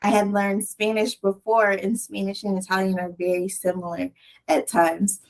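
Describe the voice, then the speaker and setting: A woman's voice: medium pitch, flat delivery, moderate pace, poor audio. Chatty Texan woman podcast host. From Texas. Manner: chatty, laughs often, says "like". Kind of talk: casual podcast chat.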